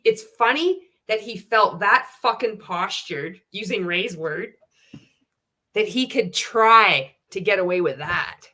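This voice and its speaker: A woman talks loosely to her live-stream audience, reading out comments and reacting as she goes. She is blunt and swears freely, with quick laughs between her points. Her voice sits at an ordinary middle pitch. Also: pushed and bright. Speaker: anti-MLM commentator.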